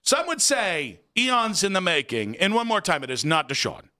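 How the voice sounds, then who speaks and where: A sarcastic American man hosting a sports talk radio show from a studio. His voice sits high, bright and sharp, and his pitch jumps around a lot as he rants and reads plugs. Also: big pitch swings, normal speed. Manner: sarcastic and ranting, reads phone numbers and plugs.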